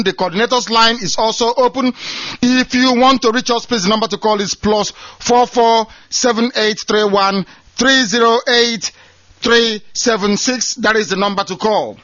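A man's voice: high voice, bright, forceful tone, no echo. A man hosting a call-in radio show, emphatic and fond of repeating himself. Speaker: radio host. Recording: slightly dull lo-fi sound.

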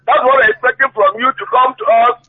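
A man's voice: very high-pitched, fairly even intonation, fast, a loud crowd. A man calling in to a radio show, arguing at length in a rambling way. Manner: argumentative, rambling. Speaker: caller. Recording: tinny phone line.

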